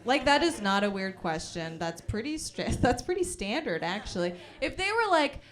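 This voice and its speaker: A woman's voice: mid-range voice, very animated, normal speed, hardly any pauses. A young woman from Calgary doing a self-deprecating, rambling stand-up set at a house party. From Calgary, Canada. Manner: self-deprecating, rambling, full of fillers and giggles. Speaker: stand-up comic.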